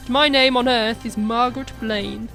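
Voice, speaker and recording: A woman's voice: a little high, fairly even intonation, measured pace, gravelly, pushed and bright, soft background music, exaggerated voice. A woman reading the part of a composed, formal female alien police officer with a Welsh accent. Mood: stern.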